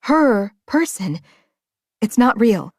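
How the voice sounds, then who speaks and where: A woman narrating a first-person romance audiobook in an emotional, hushed manner. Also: a little high, very animated, slow, no echo, clean studio sound.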